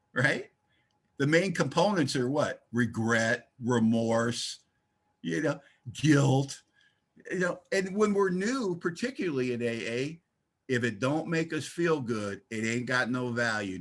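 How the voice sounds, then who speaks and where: A man with a mid-range, fairly bright voice shares his recovery story at a meeting held over a video call. His delivery is emphatic and folksy, laced with blunt humor.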